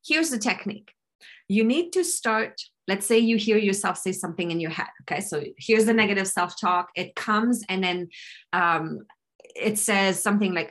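A woman coach explaining a self-help technique on a podcast in an energetic, teaching manner over a video call. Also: medium pitch. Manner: energetic, explanatory, acts out inner voices.

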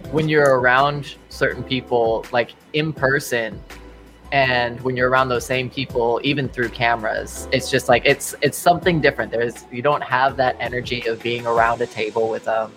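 A man hosting a podcast, encouraging and quick to laugh in casual chat. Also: medium pitch, fairly even intonation, a bit bright, soft background music, poor audio.

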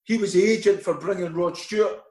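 Lively Scottish man telling stories. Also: high-pitched, fairly quick, roomy sound, rough recording. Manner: lively, animated storyteller acting out dialogue. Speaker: interview guest, former footballer. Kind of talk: anecdotal storytelling.

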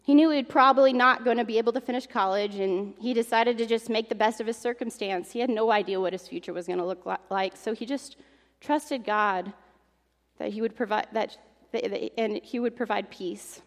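Young woman preacher, earnest, somewhat high voice, long hall reverb. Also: a little fast. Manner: earnest, emotional, reads aloud from an article. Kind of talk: sermon.

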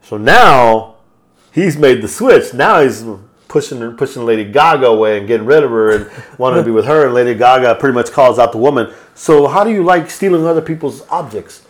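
A man's voice: medium pitch, expressive. Rambling man recapping a movie plot. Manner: rambling, loose storytelling with quick voiced quotes. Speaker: podcast host.

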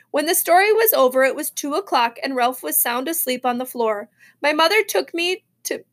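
A woman reading a children's novel aloud in a lively storybook manner. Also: sits high. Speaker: reader.

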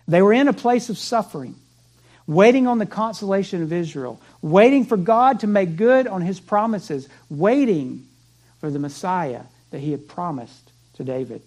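A male pastor preaching a sermon, telling the story dramatically and dropping to a hush for prayer. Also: high voice.

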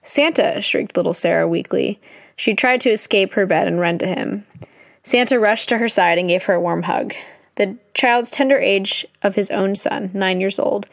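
A woman's voice: medium pitch, moderate pace, vocal fry, no room sound, studio quality. Chatty young woman reading stories aloud. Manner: chatty, jokey asides between stories. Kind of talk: casual read-aloud storytelling.

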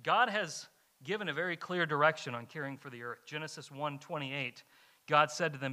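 A male pastor from Kentucky delivering a conversational sermon. His voice is very bright and a bit high, and he often stumbles over repeated words. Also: a little fast.

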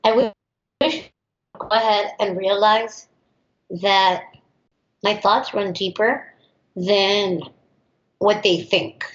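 A woman's voice: mid-range voice, fairly even intonation, slow pace, long pauses. Outspoken woman in a roomy, dull recording. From United States. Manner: outspoken and emphatic, acts out others' voices. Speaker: teacher. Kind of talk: interview answers, personal storytelling.

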